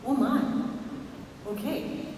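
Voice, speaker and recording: A woman giving a live spiritual talk to an audience. She often quizzes the listeners and slows down to stress key words. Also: warm tone, slight background noise. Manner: asks the audience questions, slows down for emphasis. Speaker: spiritual speaker. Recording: echoey hall from far off.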